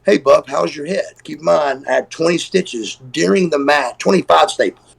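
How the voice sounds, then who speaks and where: Man, middle-aged, gravelly voice, husky, animated storyteller, swears a lot, slightly high voice. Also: moderate pace, rough recording. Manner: animated, profane storyteller who acts out quoted voices. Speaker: guest, former pro wrestler. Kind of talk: casual storytelling on a live stream.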